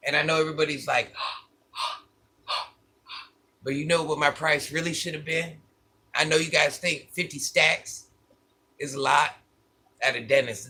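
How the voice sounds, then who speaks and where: A man tells a personal story straight to his viewers in a casual, candid vlog. His voice sits a little high, with a bright, tense edge and a husky grain. He repeats phrases to drive his points home. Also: steady tone, normal speed, pauses often. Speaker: vlogger.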